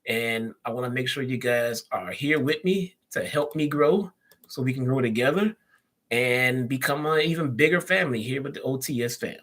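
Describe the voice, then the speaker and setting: Male live-stream host, Chicago accent, casual chatter, average pitch. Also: moderate pace, a bit bright. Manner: chatty, reads out viewer comments and answers them.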